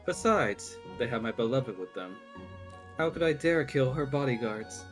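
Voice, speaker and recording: A smug vampire lord, as a man puts him on, cruel and theatrical. He speaks in a mocking, delighted tone that swings up high in places, over faint music. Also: expressive, moderate pace, lightly acted.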